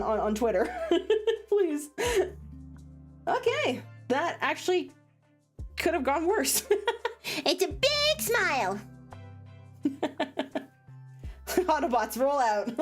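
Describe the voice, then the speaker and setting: A woman streamer chatting casually on a livestream, rambling and laughing often. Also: medium pitch. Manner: animated, giggly and rambling.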